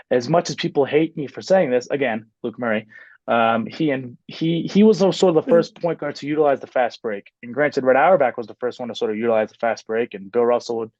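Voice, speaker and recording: A mid-range, darkish male voice belongs to a basketball coach in his twenties, a podcast guest in casual interview chat. He rambles, with plenty of fillers and restarts. The recording is dry and dull.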